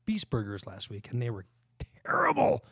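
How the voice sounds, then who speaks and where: A man's voice: medium pitch, huge pitch swings, normal speed, creaky, fairly bright tone, husky, dry recording. A middle-aged man co-hosting a casual podcast, rambling through stories with frequent restarts. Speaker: co-host. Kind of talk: casual chat. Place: studio.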